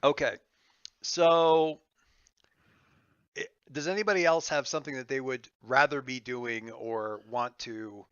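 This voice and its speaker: A man running a tabletop game, rambling and playful as he thinks aloud. His voice is bright and forward, with a dull, lo-fi sound that has almost no room echo. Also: medium pitch, unhurried, clear, resonant tone. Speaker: game master. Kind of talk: running a tabletop game over an online call.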